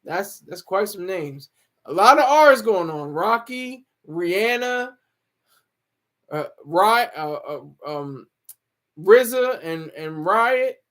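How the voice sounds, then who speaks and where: A man's voice: sits high, lively intonation, takes it slowly, a bit bright. A man hosting a casual livestream, joking, laughing often and reading viewer comments aloud. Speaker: livestream host.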